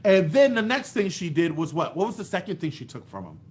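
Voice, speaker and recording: A man's voice: sits high, very animated, fairly quick, husky. A man narrating a children's storytime in a sing-song way, asking the kids questions and praising them, into a large microphone. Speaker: children's storyteller and music teacher. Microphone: large microphone into a voice box.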